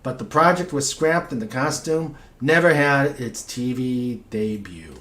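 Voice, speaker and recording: A man's voice: mid-range voice, expressive, fairly bright tone, echoey room. A man hosting a casual chat show, reading out odd news stories with asides. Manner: slow, reads news items aloud with asides. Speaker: host.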